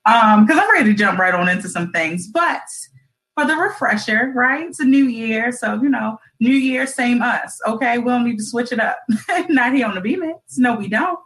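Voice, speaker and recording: A woman's voice: a little high, lively intonation, normal speed, a bit bright, low-quality recording. A woman hosting an online radio show, talking casually to her listeners with corny jokes and lots of y'all. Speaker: internet radio host. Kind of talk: casual livestream talk show.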